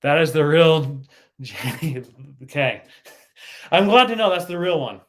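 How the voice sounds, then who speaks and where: Hosting a casual livestream, a man with an animated, somewhat bright, high-leaning voice speaks at a measured pace. Reading the chat makes him giggle; he laughs often, stumbles over words and leaves sentences unfinished.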